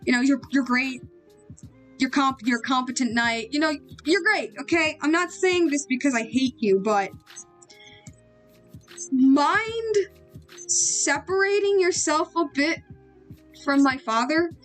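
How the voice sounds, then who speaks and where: Girl voicing a jealous young knight guy, whiny and sarcastic, high voice. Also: lively intonation, measured pace, pauses often, a bit bright, faint music behind. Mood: awkward.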